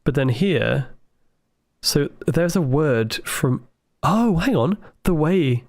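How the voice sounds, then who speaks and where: A man livestreaming a puzzle game, thinking aloud with excited asides to his chat. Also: on the high side, slow, dry recording, studio quality. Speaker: game streamer. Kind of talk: live gameplay commentary.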